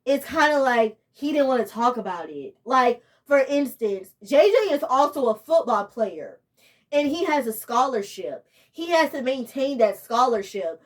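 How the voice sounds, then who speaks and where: Young woman, exasperated, rambling, slightly high pitch, casual vlog. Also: very animated, measured pace. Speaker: TV show reviewer.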